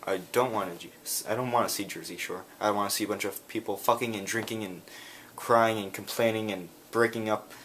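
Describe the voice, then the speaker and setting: A man voicing his dismissive middle-aged uncle, speaking bluntly and flatly. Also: lowish voice, fairly quick, a little hiss or hum, close to an everyday voice.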